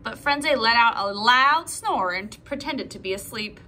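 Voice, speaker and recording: Teacher lady reading a kids' book out loud, high bright voice, super animated. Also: a little hiss or hum. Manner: animated, slow storytelling with asides to children. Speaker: preschool teacher. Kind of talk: picture book read-aloud for children.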